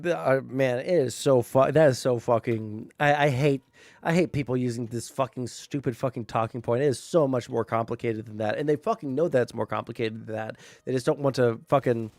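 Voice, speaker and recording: A man's voice: mid-range voice, darkish tone, no room sound. A young man live-streaming casual chat while gaming, swearing constantly and ranting heatedly with self-mocking asides.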